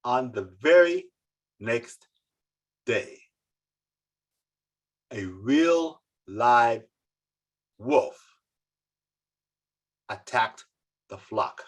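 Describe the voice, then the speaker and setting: Slow, animated storyteller on a video call. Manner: slow, dramatic, with sweeping pitch. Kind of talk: oral folk tale telling.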